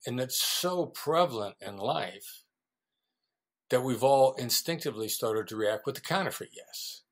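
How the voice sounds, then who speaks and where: A man, a guest negotiation expert, explaining ideas in an animated interview and acting out quoted voices. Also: medium pitch, unhurried.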